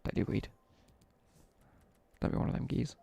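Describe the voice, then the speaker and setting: At a moderate pace and in a dark tone, a young Midlands man chats casually with his viewers during a game stream, drifting through slangy stories about school. No room sound is audible.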